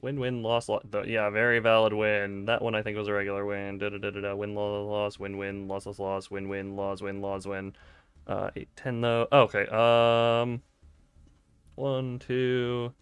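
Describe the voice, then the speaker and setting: Male game streamer, casual and rambling, pokes fun at himself, smooth clear voice. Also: fairly low pitch, completely flat delivery, normal speed, no room sound. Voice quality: playful, rambling, self-mocking. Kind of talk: casual livestream chat while gaming. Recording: dry close mic with faint game music.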